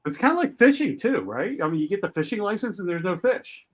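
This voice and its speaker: Male co-host, casual chat, high and very expressive pitch. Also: fast. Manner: loose and conversational, with many restarts. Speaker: podcast co-host.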